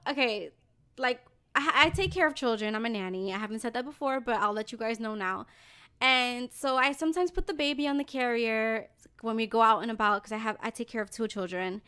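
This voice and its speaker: A young woman with a high, bright voice tells stories in a loose, casual podcast chat. She is animated and swears freely, breaking into loud bursts as she goes. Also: quick pace, clear, resonant tone. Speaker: podcast co-host.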